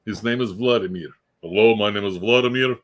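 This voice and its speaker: A man's voice: lowish voice, brisk, pitched below the performer's own voice, lightly acted. A man voicing a stiff, formal Russian husband with a put-on Russian accent.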